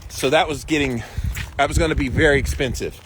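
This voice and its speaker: A man's voice: fairly high pitch, steady tone, brisk, fairly bright tone, a little hiss or hum. A man hosting a livestream, casually and animatedly retelling an anecdote to his viewers. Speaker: host.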